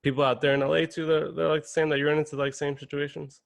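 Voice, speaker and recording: A man's voice: fairly high pitch, flat delivery, fast talker, creaky. A young man hosting a casual podcast, easygoing and jokey, often calling his guest man or bro. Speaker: podcast host. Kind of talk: casual chat.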